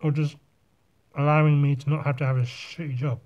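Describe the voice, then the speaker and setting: Man, slightly high voice, laid-back rambling, swears a lot, drawing vlog chat. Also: brisk, dull audio. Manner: rambling, swears often, relaxed storytelling. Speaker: artist. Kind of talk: casual chat while drawing.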